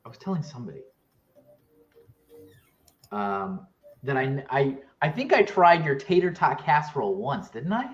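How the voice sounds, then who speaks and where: A man joining a casual stream chat over a remote call, his voice sounding dull and lo-fi. He tells stories with animated energy and tosses in quick asides. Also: medium pitch, faint music behind.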